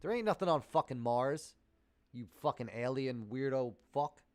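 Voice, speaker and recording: A man ranting and cursing on a trading live stream, swinging between loud outbursts and muttered asides. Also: medium pitch, expressive, normal speed, no room sound. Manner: profane, heated, swings loud and quiet. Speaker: live-stream day trader.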